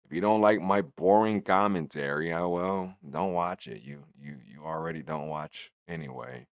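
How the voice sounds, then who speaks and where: A man's voice: sits low, moderate pace, smooth, no room sound, lo-fi sound. A man in his twenties giving a rambling, profane, casual recap of a wrestling show. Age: 20s. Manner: rambling, profane, laid-back.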